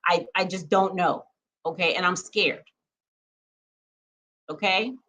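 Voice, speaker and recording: A woman's voice: lowish voice, steady tone, slow pace, sharp tone, poor audio. Emphatic woman vlogging to her viewers. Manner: emphatic, talks straight to viewers, keeps checking in with "okay?"; laughs easily. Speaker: spiritual vlogger. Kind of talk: casual vlog monologue.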